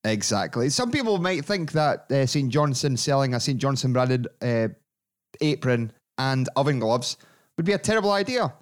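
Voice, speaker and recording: A man's voice: medium pitch, very animated, moderate pace. A Scottish man co-hosting a casual podcast, joking and laughing as he talks. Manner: jokey, laughing between lines. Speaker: podcast co-host.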